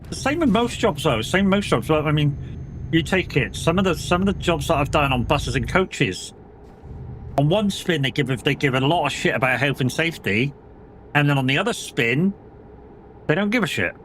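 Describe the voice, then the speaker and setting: A man's voice: on the high side, lively intonation, normal speed, fairly bright tone, a little hiss or hum. A young British man streaming a driving game, chatting casually and swearing through rambling stories about old jobs. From United Kingdom. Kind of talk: casual chat while gaming.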